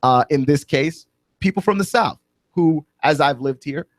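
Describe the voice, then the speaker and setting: A man's voice: fairly high pitch, a little slow, dry recording. Indignant male talk radio host, dry sound. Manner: indignant, opinionated ranting with rising emphasis. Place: radio studio.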